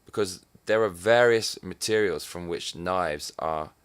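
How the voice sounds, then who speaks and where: A man's voice: sits low, measured pace, smooth. A man from England in his thirties, talking to camera in a profane, sardonic comic monologue. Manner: profane and sardonic, with swings in loudness. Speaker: vlogger.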